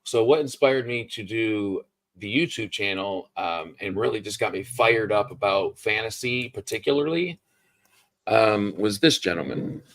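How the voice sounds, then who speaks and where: A man's voice: fairly low pitch, unhurried, a bit bright. A man from Ohio with an Ohio American accent, hosting a casual book interview with lots of fillers and laughs. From Ohio, USA. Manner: rambling, laughs often, many fillers. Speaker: book channel host.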